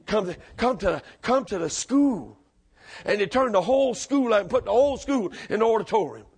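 A man preaching a sermon, fiery and shouting at the climaxes of his stories. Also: high voice, expressive, fairly quick, slightly rough. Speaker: pastor.

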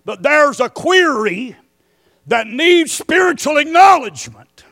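Male preacher, middle-aged, high voice, unhurried, dry close sound. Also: very animated, dry recording. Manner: swings from quiet storytelling to shouted emphasis. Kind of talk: sermon.

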